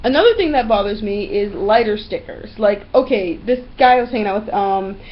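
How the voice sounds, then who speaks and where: A young woman vlogging at home, ranting bluntly and profanely about everyday pet peeves in a casual, animated storytelling manner. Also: medium pitch, a little fast, dull audio. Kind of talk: casual ranting monologue to camera.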